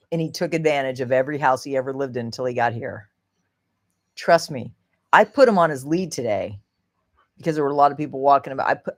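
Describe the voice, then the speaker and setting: A woman hosting a casual livestream, a little tipsy, rambling, laughing often and swinging from hushed to loud and excited. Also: deep voice. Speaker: livestream host.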